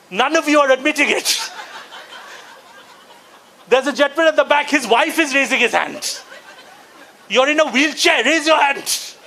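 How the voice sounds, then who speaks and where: A man's voice: very high-pitched, pushed and bright. A man in his forties with an Indian English accent, doing a stand-up comedy set and acting out characters with a punchy delivery. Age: 40s. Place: conference hall before a live audience.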